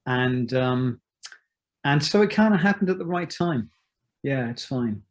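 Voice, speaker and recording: A man in his fifties, a musician being interviewed, who talks in a thoughtful, measured way with many restarts. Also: mid-range voice, animated. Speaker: musician guest. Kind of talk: reflective interview talk.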